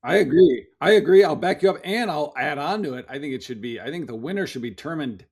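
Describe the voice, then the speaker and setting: A man co-hosting a podcast, telling stories in an animated, easily amused casual chat. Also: on the high side, quick pace, husky. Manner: animated storyteller, laughs easily. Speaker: podcast co-host.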